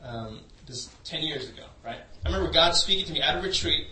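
A man's voice: a little high, animated, quick pace, sharp tone. A man preaching a sermon through a personal story, in a loose conversational way full of "you know". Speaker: pastor. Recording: echoey room, voice from a distance.

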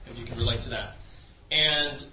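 A man's voice: medium pitch, normal speed, sharp tone, a little hiss or hum. A man preaching a sermon through a personal story, in a loose conversational way full of "you know". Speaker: pastor. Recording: echoey room, voice from a distance.

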